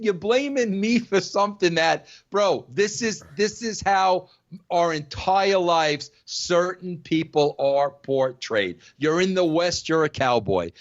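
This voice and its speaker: A man's voice: a little high, dry recording. Emphatic middle-aged man arguing, dry lo-fi sound. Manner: emphatic, says "bro" a lot. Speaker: podcast host. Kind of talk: heated casual debate.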